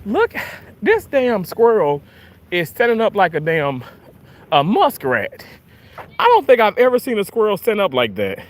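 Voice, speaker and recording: High-voiced Mississippi man chatting live. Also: huge pitch swings, unhurried. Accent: Mississippi Southern. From Mississippi, USA. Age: 30s. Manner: chatty, laughs often, filler-heavy. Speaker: livestream host. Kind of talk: casual livestream chat reading comments.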